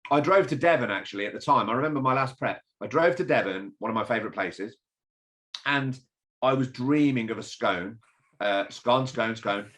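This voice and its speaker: Animated English man telling stories. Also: mid-range voice, fairly quick. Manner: animated, swears, storytelling. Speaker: podcast guest, fitness expo founder. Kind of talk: casual interview chat.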